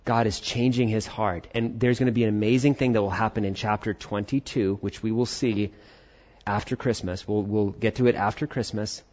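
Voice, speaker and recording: A man preaching a sermon as pastor, earnest and animated, rising to emphasis on key points. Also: fairly low pitch, moderate pace. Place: church service. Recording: muffled lo-fi sound.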